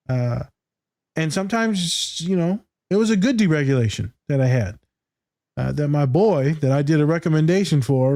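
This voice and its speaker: A man's voice: fairly high pitch, a little mellow, dry recording, studio quality. Blunt, swearing man on a podcast. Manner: candid and heavy on profanity. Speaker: podcast host. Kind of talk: casual podcast discussion.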